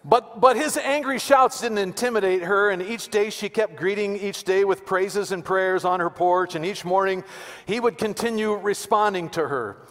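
Brief: casual male pastor, fairly high voice, folksy repetitions, long sanctuary reverb. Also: normal speed, a bit bright. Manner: conversational, repeats words, joking asides. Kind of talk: sermon. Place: church sanctuary.

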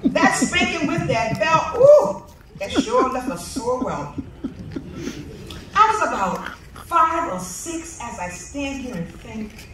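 A woman recites a spoken-word poem at a funeral, her high voice leaping all over its range. She speaks slowly, laughing through lines and dropping from loud to a hush. The recording comes from far off in a very echoey hall with faint noise behind. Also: big pitch swings. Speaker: family member giving a eulogy.

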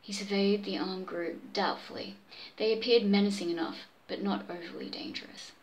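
A woman's voice: mid-range voice, steady tone, normal speed, a little hiss or hum, low-quality recording. A woman host casually reading a pulp story aloud, stumbling, restarting and muttering asides to herself.

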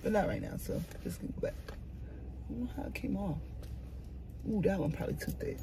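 A woman chatting casually to her camera from inside a car, animated and swearing freely as she talks to herself. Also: mid-range voice, normal speed. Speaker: vlogger. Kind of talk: casual car vlog chat. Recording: car noise behind the voice. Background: vehicle ambience.

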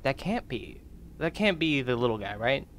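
A man's voice: medium pitch, very animated, moderate pace, a bit bright, a little hiss or hum. Casual young man gaming, laughing and swearing. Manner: casual, swearing, laughs often, reads in-game notes aloud. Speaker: gaming YouTuber. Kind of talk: let's play commentary.

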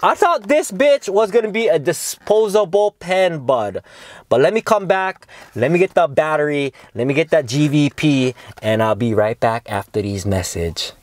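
A young man with a somewhat high-pitched voice talks casually to his viewers at home. He rambles in slang, curses freely and keeps calling them bro and dog. The sound is dry and close, with no room echo. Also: animated, normal speed. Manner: laid-back slangy, swears a lot, calls viewers dog and bro. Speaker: cannabis reviewer. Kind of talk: casual vlog review.

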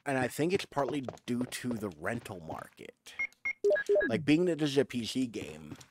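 A man's voice: medium pitch, very animated, moderate pace, background noise. A man streaming a video game, chatting casually and rambling as he plays. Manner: rambling, self-correcting, chatty. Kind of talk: casual gameplay commentary. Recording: game music playing behind.

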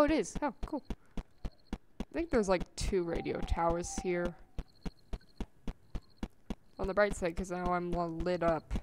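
A woman giving chatty let's-play commentary on a survival game, gasping at finds and breaking into squeaky sing-song calls. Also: background noise. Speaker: gameplay commentator.

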